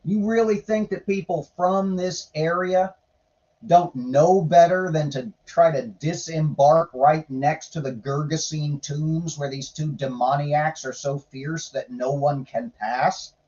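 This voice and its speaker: A man's voice: fairly high pitch, fairly even intonation, takes it slowly, a little mellow, dull audio. A man giving irreverent, sarcastic casual commentary while reading scripture aloud, swearing now and then. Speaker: podcaster reading and commenting on the Bible.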